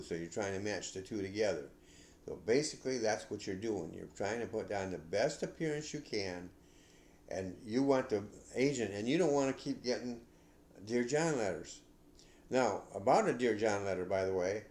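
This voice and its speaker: Halting older man giving advice. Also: lowish voice, darkish tone, roomy sound. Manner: rambling, halting with many restarts and fillers. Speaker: podcast host. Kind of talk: casual advice talk.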